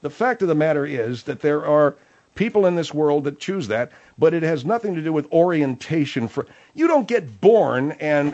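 A man's voice: a little high, expressive, normal speed, a little mellow, lo-fi sound. A man in argumentative comedy banter, interrupting often and calling people "man" and "dude".

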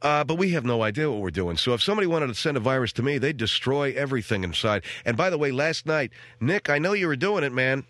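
A man's voice: medium pitch, a bit bright, no room sound. A middle-aged man hosting a talk show, ranting in a rambling, wisecracking way and mimicking the people he talks about. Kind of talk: comic rant to co-hosts.

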